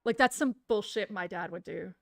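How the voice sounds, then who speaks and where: A woman reading a visual novel aloud in a soft, soothing voice, with casual, swearing asides. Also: medium pitch, normal speed, vocal fry, dry recording, studio quality. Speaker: streamer reading a game aloud.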